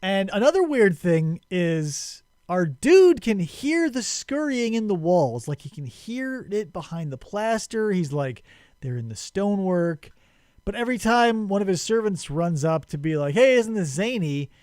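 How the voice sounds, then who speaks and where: Lively, sarcastic male podcast host. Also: sits high, a little slow, smooth, dry recording, clean studio sound. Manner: rambling, sarcastic, profane. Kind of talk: casual chat, retelling a story.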